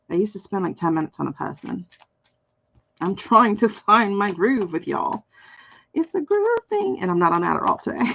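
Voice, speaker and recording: A woman's voice: mid-range voice, gravelly, slightly rough. A playful, chatty woman, doing a live tarot reading and talking to viewers by name. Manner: playful, lively, laughs often, talks to chat by name. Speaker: tarot card reader. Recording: slightly dull lo-fi stream audio.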